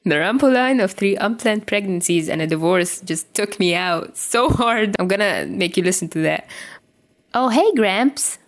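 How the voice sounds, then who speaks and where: A woman's voice: fairly low pitch, moderate pace, hardly any pauses. Giggly woman reading fan fiction aloud. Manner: giggly, laughing while reading. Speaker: podfic reader.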